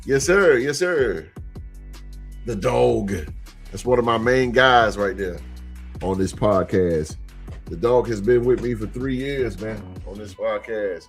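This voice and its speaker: A man hosting a sports podcast live, chatting casually with his live chat in a relaxed, repetitive way, speaking. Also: mid-range voice, measured pace, pauses often, faint music behind. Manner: laid-back, repeats phrases, shouts out chat members.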